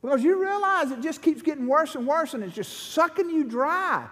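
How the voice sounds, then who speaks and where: A middle-aged man preaching with passion, his high voice carrying through a long hall echo. He explains a passage and then presses the point with growing urgency, as a pastor does in a church. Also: animated, moderate pace, bright, forceful tone. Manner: impassioned, rising to fervent pleading in prayer. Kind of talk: sermon.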